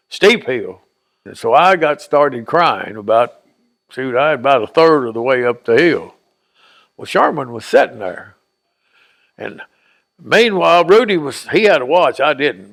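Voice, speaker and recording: Gravelly older man telling a folksy story. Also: on the high side. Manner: folksy, rambling, acts out quoted voices. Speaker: oral history interviewee.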